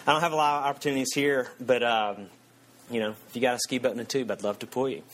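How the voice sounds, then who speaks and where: A man's voice: mid-range voice, fairly even intonation, fast talker, fairly bright tone, a little hiss or hum. A man, preaching a sermon and telling a self-mocking story with frequent chuckles. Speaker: pastor. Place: church.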